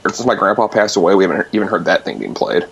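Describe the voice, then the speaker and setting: A man's voice: deep voice, very animated, vocal fry, a bit bright, slightly rough. A young man calling in, telling a ghost story in a rambling, casual way with lots of fillers. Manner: rambling, many fillers, quick. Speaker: guest musician calling in. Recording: dull lo-fi call-in line.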